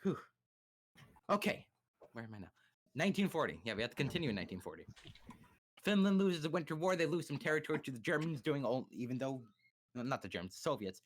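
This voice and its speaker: A young man streaming from home, launching into a profane, sarcastic retelling of history. He rambles, stumbles and restarts, swearing often. His voice sits at an ordinary middle pitch. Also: big pitch swings, quick pace, pauses often. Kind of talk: profane comedic history rundown.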